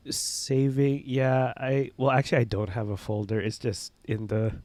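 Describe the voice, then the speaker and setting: A man co-hosting a podcast in casual chat, talking haltingly with many restarts. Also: mid-range voice, little pitch movement, darkish tone, no echo. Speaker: podcast co-host.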